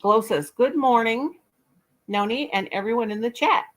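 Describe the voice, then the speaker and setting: A woman's voice: on the high side, moderate pace. A woman hosting a casual livestream, chatting and thinking aloud while she fiddles with settings. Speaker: livestream host. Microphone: laptop or phone mic on a live call.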